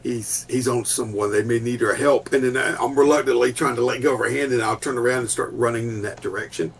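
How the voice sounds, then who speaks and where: A man's voice: medium pitch, steady tone, fast talker, vocal fry, far from the mic, slight background noise. A man playing his character in a tabletop role-playing game, stammering and restarting as he decides what to do. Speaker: player.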